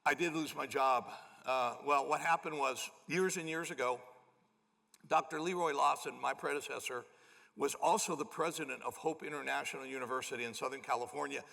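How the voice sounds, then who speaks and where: Older male pastor, bright gravelly voice, animated self-deprecating storytelling, long church reverb. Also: mid-range voice, brisk. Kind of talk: storytelling sermon. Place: large church auditorium.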